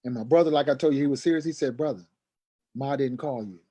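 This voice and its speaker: Middle-aged male guest, mid-pitched, story-driven delivery, acts out voices, spikes high when agitated. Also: fast, dark tone, breathy edge. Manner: acts out quoted dialogue, voice rising sharply when agitated. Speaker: guest telling a personal story. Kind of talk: animated storytelling.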